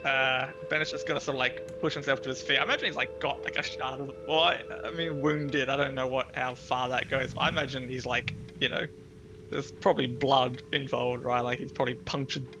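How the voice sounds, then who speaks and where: A man's voice: medium pitch, fairly even intonation, a little fast, poor audio. A man playing a tabletop game who talks hesitantly, with many fillers. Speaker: player. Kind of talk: tabletop role-play chat. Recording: music clearly playing behind.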